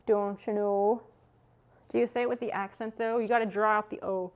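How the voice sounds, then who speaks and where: A woman's voice: mid-range voice, a little fast, darkish tone. Young woman streamer, casual chat with viewers while working, swears freely, everyday mid-range voice.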